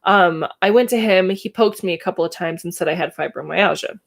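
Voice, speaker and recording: A woman's voice: fairly low pitch, fairly quick, vocal fry. A woman, telling her own story candidly and with emotion on a casual livestream. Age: 30s. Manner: candid, emotional, laughs between thoughts. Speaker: livestream host.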